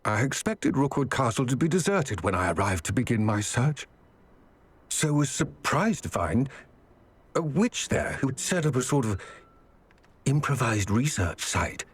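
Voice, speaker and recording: A formal, solemn goblin. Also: male voice, medium pitch, sing-song, slightly rough. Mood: grave. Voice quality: measured, formal. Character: solemn adult male goblin ally. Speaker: game character. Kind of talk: voiced game dialogue.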